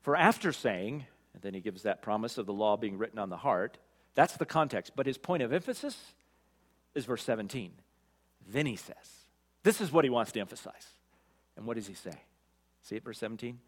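A pastor preaching an expository sermon, swinging from loud emphatic peaks to quiet, drawn-out phrases. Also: male voice, lowish voice, expressive. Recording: long reverb of a large hall.

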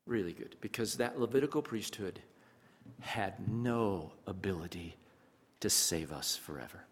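A man preaching an expository sermon as pastor, swinging between loud emphasis and hushed asides, repeating key phrases and asking rhetorical questions. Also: lowish voice, husky. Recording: long hall reverb.

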